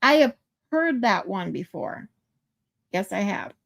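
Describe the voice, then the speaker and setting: Very animated yet slow, this woman speaks in a creaky, medium-pitched voice. She's a livestream host chatting playfully, reading comments aloud and experimenting with pronunciations.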